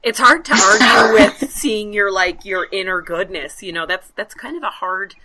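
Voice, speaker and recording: A woman's voice: mid-range voice, normal speed, pushed and bright. A woman hosting a podcast interview, chatting casually, often laughing and encouraging her guest. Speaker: podcast host.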